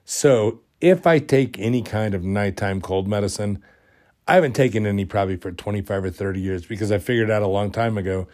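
A man's voice: lowish voice, a little fast, a little mellow. A man hosting a solo podcast, rambling in an exasperated way while he is sick with a cold. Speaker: podcast host.

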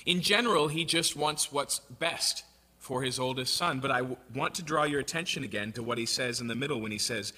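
Man, preacher, sermon, bright tone, slightly husky, conversational, scripture reading. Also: mid-range voice, a little fast. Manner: conversational, checks in with "okay?".

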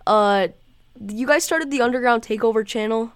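Casting: playful woman podcast interviewer, smooth, crisp voice, dry close sound. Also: fairly high pitch, normal speed, no room sound. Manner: playful, giggly, many fillers. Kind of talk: casual chat.

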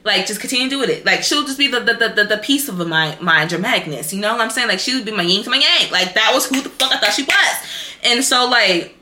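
A young woman hosting her own podcast, telling a personal story in a candid, profane, animated way, full of fillers like "like" and "y'all". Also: on the high side, fast, reverberant, slight background noise. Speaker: podcast host. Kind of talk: casual storytelling monologue.

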